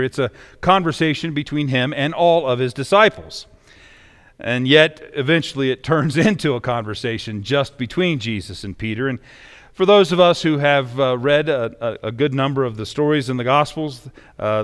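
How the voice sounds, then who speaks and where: A man's voice: mid-range voice, fairly bright tone. A man preaching from the pulpit, moving from formal scripture reading into easy, conversational explanation with pointed emphasis. His mid-range voice carries a long reverb that rings around a church sanctuary. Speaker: pastor. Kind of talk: sermon.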